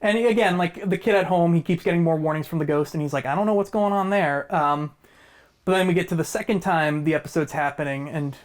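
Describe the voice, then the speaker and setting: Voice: medium pitch, quick pace. Casual TV-review co-host, rambling, lots of fillers, bursts into voices. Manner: rambling, acts out scenes in voices. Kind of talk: casual TV episode review chat.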